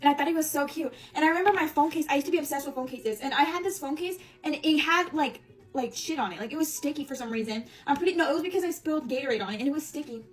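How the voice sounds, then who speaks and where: A woman's voice: high voice, animated, very fast. A young woman telling a casual storytime, rambling with lots of fillers and casual swearing. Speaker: storytime creator.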